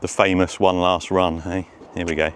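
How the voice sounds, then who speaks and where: A man testing a remote-control car outdoors by a road, chattering excitedly to himself as he films. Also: deep voice, moderate pace, slight background noise. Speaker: RC car vlogger. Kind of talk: casual self-narration while testing.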